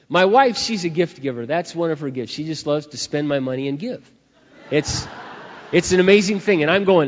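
A man preaching a sermon through personal stories, animated, acting out dialogue and swinging between loud and soft. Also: a little high, normal speed. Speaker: pastor. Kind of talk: sermon with storytelling. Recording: dull recording in a reverberant hall.

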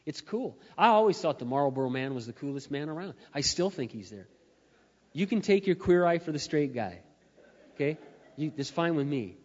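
A man with a fairly high voice preaches a storytelling sermon, swelling to loud, emphatic peaks. The recording is dull, and his voice rings with the long reverb of a large church sanctuary. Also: big pitch swings, moderate pace.

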